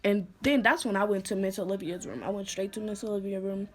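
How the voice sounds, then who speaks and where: A young woman vlogger telling a personal story in a somber, halting way, full of "like" fillers and restarts. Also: mid-range voice, fairly even intonation. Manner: somber, emotional retelling. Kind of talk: storytime vlog.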